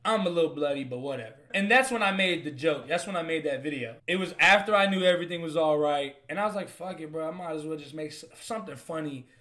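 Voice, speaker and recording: A man's voice: a little high, fast, hardly any pauses, pushed and bright. A young man streamer casually telling a funny story, joking and swearing as he rambles.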